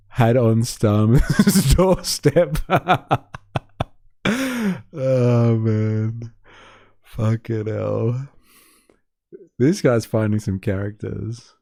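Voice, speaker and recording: A male livestream host reacting to videos in loose, casual commentary. He talks slowly and lazily, drops curses and laughs, and his voice is close and dry with no room sound. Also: medium pitch, warm tone, no echo. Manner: swears, laughs often, quotes clips in mocking voices.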